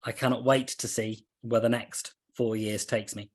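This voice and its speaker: A man giving a presentation as a district officer, speaking in a measured way and listing his points in a steady rhythm. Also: mid-range voice. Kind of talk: presentation to an online meeting.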